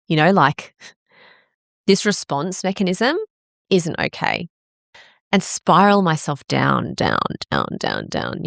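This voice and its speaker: A woman's voice: on the low side, no echo, clean studio sound. Frank, cursing woman in her forties. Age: 40s. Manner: frank, swears freely. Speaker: health and fitness coach. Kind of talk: candid personal monologue.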